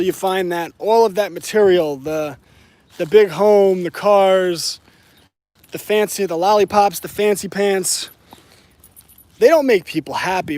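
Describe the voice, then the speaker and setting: High-pitched man lecturing on a walk. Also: darkish tone, no room sound. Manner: preachy, repeats phrases, frequent "right?". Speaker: channel host. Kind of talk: casual talk to camera while walking the dog. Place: outdoors on a street.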